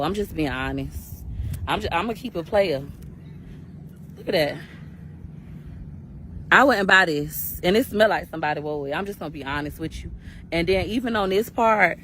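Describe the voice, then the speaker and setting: A woman's voice: mid-range voice, a bit bright, a little hiss or hum. A woman doing a product review video, blunt and brash, swearing freely.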